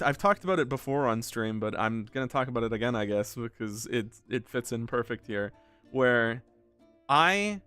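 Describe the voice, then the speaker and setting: A man's voice: mid-range voice, fairly bright tone, smooth, no echo. A man streaming a game, chatting casually in a rambling, self-deprecating way and swearing freely.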